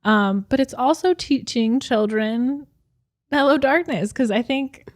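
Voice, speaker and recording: A woman guest on a podcast, chatting casually and telling stories with animated quoted voices. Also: high-pitched, a little slow, no room sound, clean studio sound. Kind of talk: casual chat.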